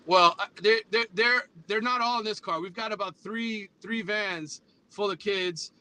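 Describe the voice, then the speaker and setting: Bright, high-voiced man calling in from a car. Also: a little slow, clean tone, poor audio. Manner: laughing, easygoing. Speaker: phone-in guest, youth football coach. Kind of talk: casual phone call from a car. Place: inside a moving car.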